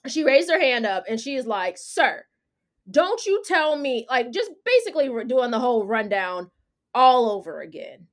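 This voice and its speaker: A woman's voice: on the high side, normal speed. A woman hosting a casual chat, telling a story with slang and acting out what people said. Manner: animated, slangy, acts out quotes. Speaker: podcast host.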